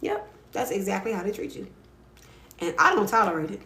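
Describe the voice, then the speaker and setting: A woman's voice: mid-range voice, very animated, fairly quick, sharp tone, roomy sound. A woman with a Louisiana accent hosting a livestream and giving advice in a blunt, sassy, profane way, often tagging on "right?". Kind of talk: casual livestream advice talk.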